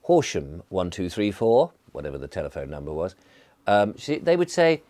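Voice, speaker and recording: Low-pitched English man, near-posh southern accent, groggy from a cold, genial rambling vlogger. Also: huge pitch swings, moderate pace, darkish tone. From England. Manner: rambling, genial, well-enunciated. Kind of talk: sit-down vlog chat. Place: indoors, seated.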